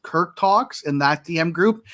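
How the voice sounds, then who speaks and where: A man's voice: a little high, fairly bright tone, no room sound. A man hosting a casual group chat on a call, teasing the others and egging them on. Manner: teasing, quick to egg others on.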